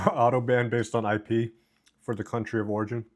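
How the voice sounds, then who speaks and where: A man streams from inside his home, reading chat aloud and chatting casually as he eats. His medium-pitched voice moves fairly quickly with little pitch movement, recorded on a desk mic with noise cancellation.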